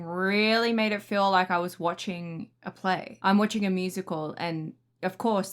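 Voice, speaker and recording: A young woman hosting a music reaction video, excitable and gushing, often breaking into laughter. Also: mid-range voice. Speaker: music reaction channel host. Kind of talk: casual reaction commentary.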